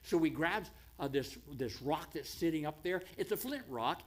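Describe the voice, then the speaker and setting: An American man preaches in a church, spinning a dramatic story for his congregation. His fairly high voice swoops through a lively range, rising to near-shouted pleas, then dropping to hushed, low lines. He repeats phrases for effect as he builds the tale. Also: moderate pace. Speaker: pastor. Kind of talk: sermon storytelling. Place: church sanctuary.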